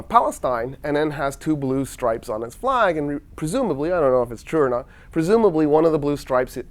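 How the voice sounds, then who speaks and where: A man telling a history story in a loose, casual lecture style, acting out countries in quick quoted dialogue with wry asides. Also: medium pitch.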